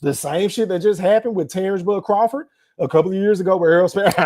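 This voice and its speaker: Animated man hosting a live boxing podcast. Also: high voice, quick pace, a little hiss or hum. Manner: animated, laughs often, talks straight to the chat. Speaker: podcast host. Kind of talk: casual live-stream commentary.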